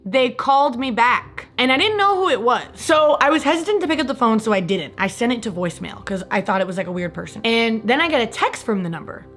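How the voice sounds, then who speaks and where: A young woman from California telling a personal story in a casual, animated vlog style, full of fillers. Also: on the high side, quick pace, hardly any pauses, soft background music. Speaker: vlogger.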